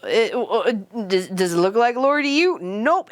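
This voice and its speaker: A woman's voice: medium pitch, big pitch swings, normal speed. A woman in casual chat with her viewers, telling stories, laughing often and teasing people by name. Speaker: streamer chatting with viewers.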